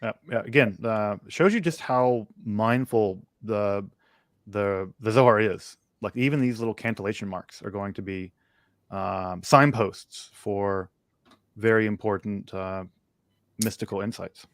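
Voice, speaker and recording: A man co-hosting a live text study, explaining in a measured, thoughtful way with frequent fillers. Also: on the low side, no echo, studio quality. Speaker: co-host of a text study livestream. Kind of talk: conversational scholarly explanation.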